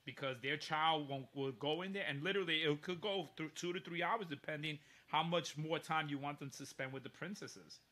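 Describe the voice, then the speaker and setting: A man telling a story in casual chat, animated and profane, often laughing mid-sentence. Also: on the high side, brisk, hardly any pauses. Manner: animated, profane, laughs through his stories.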